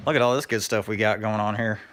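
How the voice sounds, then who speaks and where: A man's voice: fairly low pitch, fairly even intonation, fast talker, background noise. A man casually chatting on a live stream, telling laid-back stories and thanking viewers in chat. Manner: laid-back storyteller, reads chat aloud. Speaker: scrapper streamer.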